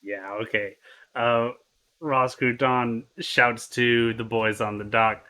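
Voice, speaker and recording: A man's voice: medium pitch, steady tone, takes it slowly, pushed and bright. A man playing a tabletop game in casual chat, playful and thinking aloud as he plans his moves.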